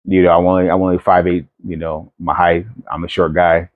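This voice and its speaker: A man's voice: low voice, level tone, a little fast, phone-quality sound. A middle-aged man co-hosting a family podcast, teasing and laughing as he tells stories. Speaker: podcast co-host, parent. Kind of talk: casual family chat.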